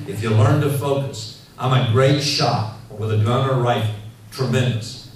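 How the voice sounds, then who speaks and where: A man preaching a sermon in a church, telling stories in an animated, rambling way full of fillers. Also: medium pitch, normal speed. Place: church hall. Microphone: handheld mic. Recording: echoey hall, mic heard from far off, faint noise.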